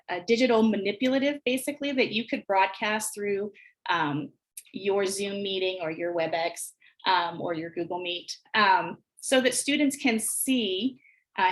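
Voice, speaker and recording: A woman leads a teacher workshop over a video call, sounding like a presenter at her computer mic. She explains early reading skills in a clear, instructional way, and she slows down to model short words and sentences for the audience. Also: mid-range voice. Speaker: teacher trainer.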